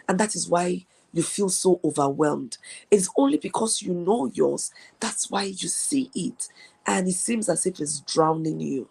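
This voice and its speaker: A woman's voice: lowish voice, vocal fry, a little mellow, slightly rough. A woman from Nigeria hosting a live stream, giving an earnest motivational talk and repeating key phrases for emphasis. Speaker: host.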